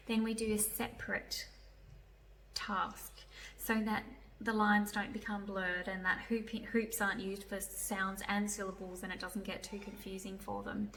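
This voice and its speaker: A woman's voice: mid-range voice, pushed and bright. A young adult woman, a literacy educator patiently explaining a classroom activity step by step with examples. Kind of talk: instructional video demonstration. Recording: echoey room, voice from a distance, faint noise.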